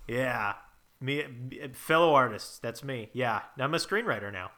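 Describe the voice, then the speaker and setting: Eager, rambling man with a lively voice. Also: mid-range voice, unhurried. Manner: awkward, eager, rambling with fillers. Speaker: comedy podcast co-host. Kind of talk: improvised comedy scene.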